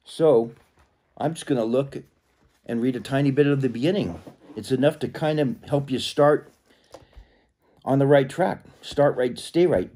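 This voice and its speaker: A man talking casually to camera in a rambling way, clearing a frog from his throat. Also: medium pitch, warm tone. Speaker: vlogger.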